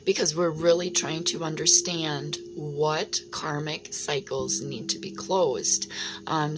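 Low-voiced woman giving a spiritual reading. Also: noisy background. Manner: frequent "right?" tags, swears casually. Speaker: spiritual card reader. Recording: music playing behind.

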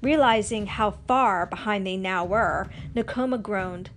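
A woman reading a children's storybook aloud in an expressive, animated way. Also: mid-range voice, a little slow, a little hiss or hum. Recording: faint music underneath.

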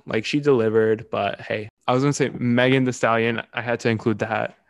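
Animated young man on a podcast. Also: mid-range voice, dry recording. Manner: animated, quick bursts, laughs often. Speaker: podcast co-host. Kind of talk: casual chat.

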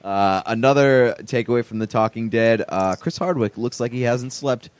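A man chatting casually with friends, jokey and quick to laugh. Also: medium pitch, clear, resonant tone, dry recording. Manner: laughs often, jokey, does quick mimicry. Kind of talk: casual chat.

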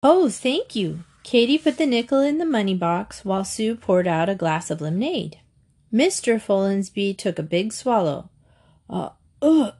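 A woman reading a children's chapter book aloud, gentle and expressive. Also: medium pitch. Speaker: audiobook reader. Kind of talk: storybook narration read aloud.

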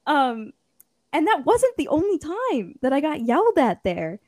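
A young woman in casual chat, telling a story with lively acted-out quotes and frequent laughter. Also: high voice, a little slow, no room sound. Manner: animated storytelling, acts out quotes, laughs often.

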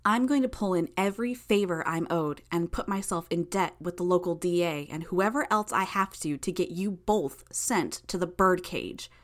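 A furious young superheroine, arrogant and contemptuous, as a woman narrator puts her on. Her voice jumps high and loud as she threatens and shouts down her foes in this audiobook reading. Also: moderate pace, few pauses, close to an everyday voice. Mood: threatening.

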